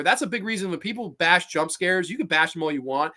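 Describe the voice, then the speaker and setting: A man hosting a podcast, chatting casually and excitably about films, swearing freely and acting out scenes. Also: sits high, brisk. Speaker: podcast host. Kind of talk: casual film chat.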